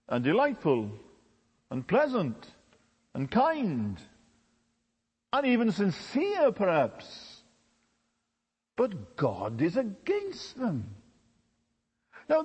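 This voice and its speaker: A man's voice: breathy edge, lo-fi sound. Emphatic male preacher in a reverberant hall. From Britain. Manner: emphatic, with sweeping pitch swings. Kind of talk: sermon.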